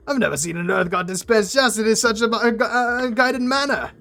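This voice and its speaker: A man voicing a boastful male dwarf leader, reading his lines aloud loudly and stumbling over words. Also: sits high, brisk, vocal fry, voice pushed up, exaggerated voice. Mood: admiring.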